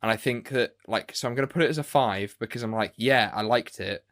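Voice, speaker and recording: A man's voice: medium pitch, fast talker. A man hosting a casual podcast, chatty and rambling, laughing easily. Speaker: podcast host. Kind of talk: casual chat.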